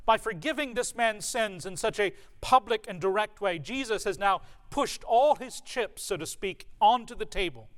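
A man's voice: high voice, animated, normal speed, hardly any pauses, fairly bright tone. A man preaching a sermon to his congregation, earnest and emphatic, with rhetorical questions. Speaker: pastor.

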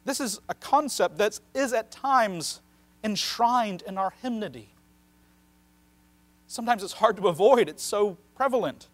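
High-voiced preacher, earnest and emphatic. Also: male voice, expressive. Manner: earnest preaching with slowed emphatic phrases and wide swings in loudness. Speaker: pastor. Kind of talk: sermon.

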